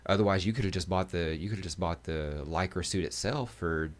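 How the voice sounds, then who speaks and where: A man with a somewhat low voice tells long, crude, joking stories in a loose podcast chat. He talks in an animated way and acts out other people's lines as he goes. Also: brisk. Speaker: cosplayer guest. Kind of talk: casual storytelling chat.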